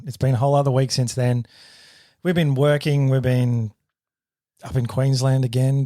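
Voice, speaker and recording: A man's voice: mid-range voice, mellow, no echo. An Australian man co-hosting a casual podcast, swearing freely and laughing off his mistakes. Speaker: podcast co-host. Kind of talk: casual banter.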